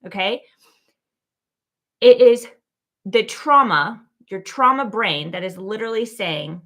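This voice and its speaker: A woman hosting her own show, giving a casual, animated motivational talk full of "like" and "okay?". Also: mid-range voice, slow pace, long pauses. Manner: animated, chatty, lots of "like" and "okay?". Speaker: keynote speaker and show host.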